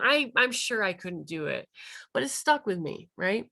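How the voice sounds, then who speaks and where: A woman, a wildlife rehabilitator telling her own story in a continuing education talk, animated and acting out the dialogue. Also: mid-range voice, fairly quick. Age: 30s. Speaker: wildlife rehabilitator and vet tech presenter.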